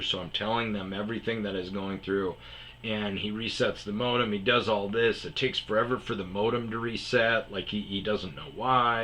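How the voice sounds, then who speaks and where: A podcast host tells a story as a comedic rant. His voice is bright and forceful, and he keeps getting more worked up and swearing. His delivery stays animated and exasperated. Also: on the low side. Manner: heated, profane, animated retelling.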